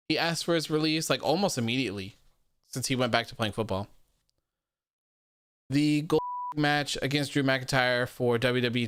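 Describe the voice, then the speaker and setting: A man's voice: mid-range voice, a bit bright, dry recording. A young man hosting a live wrestling post-show, chatting casually, reading viewer comments aloud and laughing often.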